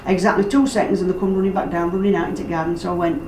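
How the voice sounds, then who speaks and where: Speaking fast with a fairly low voice, a woman shares casual, animated stories about weird events in a house, mimicking people's words in dialect grammar. The audio sounds roomy and distant, with noise in the background.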